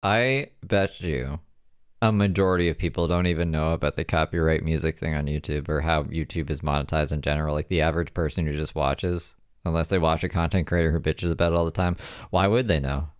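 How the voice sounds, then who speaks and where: A man's voice: a bass voice, fairly even intonation, a little fast, clean tone, no room sound, studio quality. A man hosting a commentary show, reacting to a stream with sarcastic, mocking, profane remarks. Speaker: commentary host.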